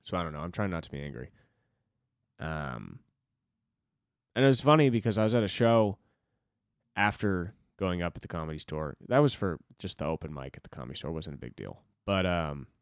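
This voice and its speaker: A man with a low voice talks alone at his desk in a loose, rambling monologue, running himself down and swearing freely. His pitch swings widely as he talks. The sound is dry and close, with no room around it. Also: animated, fairly quick, pauses often, clear, resonant tone, no room sound. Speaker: stand-up comic and podcast host. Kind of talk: solo rambling podcast monologue.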